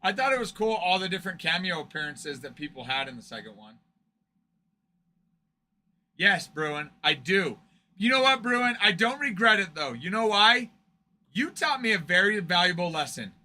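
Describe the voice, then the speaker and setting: A man's voice: high voice, very animated, normal speed, sharp tone. A man hosting a card break stream, chatting casually with viewers, joking and laughing often. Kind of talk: casual livestream chat with viewers.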